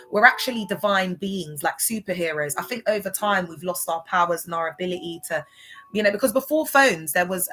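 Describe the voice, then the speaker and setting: A woman's voice: medium pitch, fairly bright tone, poor audio. A woman chatting on a livestream, rambling and emotional, with many fillers. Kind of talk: casual livestream chat.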